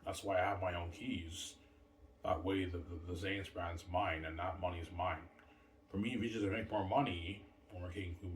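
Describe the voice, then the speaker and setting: A man's voice: low-pitched, slight background noise. A middle-aged man talking in a rambling, repetitive monologue, circling back to the same points and tossing in "man" often. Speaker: vlogger. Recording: roomy echo from a distant mic.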